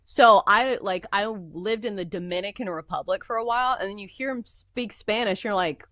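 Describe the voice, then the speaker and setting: A woman from the American South hosting a radio show, chatty and quick to laugh, with a runny nose. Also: mid-range voice, a bit bright, no echo, studio quality. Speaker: radio host. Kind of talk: casual radio chat.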